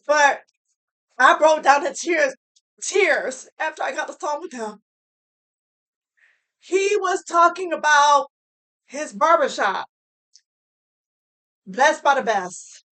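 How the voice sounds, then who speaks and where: High-voiced earnest woman, slow and preachy. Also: a bit bright. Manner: repeats phrases for emphasis, preachy and earnest. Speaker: motivational speaker. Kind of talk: heartfelt motivational talk to camera.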